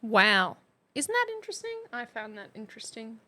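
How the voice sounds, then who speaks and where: A woman's voice: a little high, sing-song, normal speed, bright, forceful tone. A woman with a general Australian accent, hosting a mock classroom lesson on a live stream in a playful, chatty, teacherly way.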